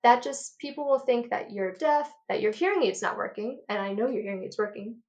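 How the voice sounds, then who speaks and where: A woman in her thirties, an audiologist, talking passionately and quickly in an interview, a bit out of breath. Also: fairly high pitch, darkish tone. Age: 30s. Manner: passionate, rapid lecturing. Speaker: audiologist guest. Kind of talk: enthusiastic interview talk.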